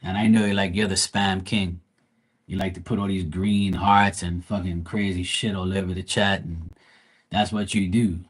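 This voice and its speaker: A man's voice: low voice, little pitch movement, normal speed, husky. A man who reads tarot live, chatting casually with his viewers in a blunt, profane, slangy and rambling way. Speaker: live tarot reader and streamer. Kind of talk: casual livestream chat.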